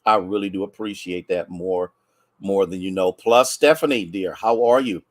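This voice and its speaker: An American man, a pastor, chatting warmly with livestream viewers and greeting them by name, a bit congested from sneezing. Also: deep voice, moderate pace, no room sound.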